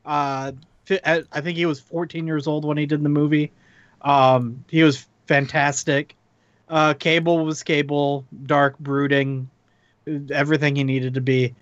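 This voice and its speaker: A man talking on a casual podcast in a measured way, filling pauses with ums and likes. His voice sits slightly high. The recording is dull and lo-fi, with a dry sound. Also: level tone, no room sound. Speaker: podcast co-host. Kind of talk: casual chat.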